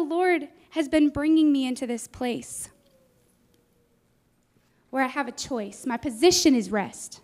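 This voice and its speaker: A woman's voice: high voice, measured pace, long pauses, darkish tone. A woman preaching a Sunday sermon in a church, telling a personal story earnestly and acting out what was said. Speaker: guest preacher. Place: church sanctuary.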